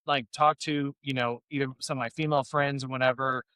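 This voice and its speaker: A man's voice: medium pitch, level tone, fairly quick, sharp tone, smooth, no room sound. A man co-hosting a casual podcast chat, rambling, swearing a lot and getting fired up. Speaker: podcast co-host.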